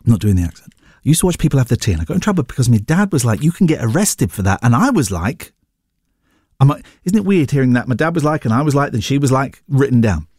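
A man's voice: medium pitch, big pitch swings, quick pace, a little mellow, husky, dry recording, studio quality. A man hosting a radio show, casually chatting about newspaper stories with wry asides. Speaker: radio host.

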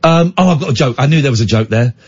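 A man's voice: mid-range voice, fast talker, slightly rough, muffled recording. A man hosting a radio show, chatting casually and teasing his co-host with jokes. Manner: animated, teasing, jokey.

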